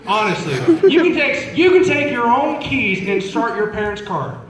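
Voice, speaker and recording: A man's voice: very high voice, lively intonation, normal speed, fairly bright tone, slight background noise. A young man doing stand-up at a school talent show, telling chatty stories and asking the crowd questions. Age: young adult. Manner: chatty, asks the crowd questions, acts out relatives. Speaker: student comedian. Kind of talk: stand-up storytelling. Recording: echoey hall from far off.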